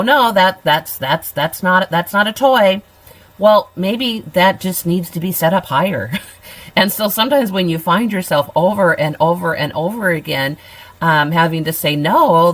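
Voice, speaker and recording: A middle-aged woman gives a college lecture in a low voice with a gravelly edge. She talks conversationally, with fillers and restarts, and now and then slips into a soft, sing-song tone to act out what she would say to a toddler. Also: low-quality recording. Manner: conversational, many fillers and restarts, acts out gentle phrases to children. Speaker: college instructor. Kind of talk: recorded lecture.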